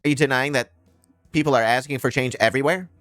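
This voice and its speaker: A man's voice: mid-range voice, a bit bright, voice pushed up, close to an everyday voice. A man putting on a smug, badgering newsman who fires off question after question at a breathless clip. The jeering voice is exasperated, with faint music underneath. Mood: mocking. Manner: rapid-fire, exasperated, jeering. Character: smug male TV interviewer, mocked and badgering. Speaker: streamer.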